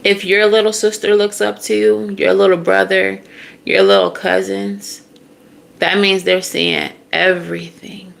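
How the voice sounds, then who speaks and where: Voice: medium pitch, level tone, unhurried, gravelly, fairly bright tone. A tarot reader giving a casual, blunt, profane reading straight to the listener.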